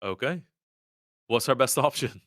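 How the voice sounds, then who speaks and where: A man guesting on a podcast, chatting casually in a relaxed, laid-back way. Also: medium pitch, measured pace, no room sound, clean studio sound.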